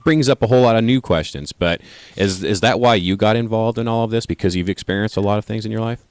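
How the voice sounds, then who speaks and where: A man's voice: fairly low pitch, fast, no echo. A man hosting a podcast who asks long, rambling questions with hesitant restarts. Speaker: podcast host. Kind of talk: casual interview.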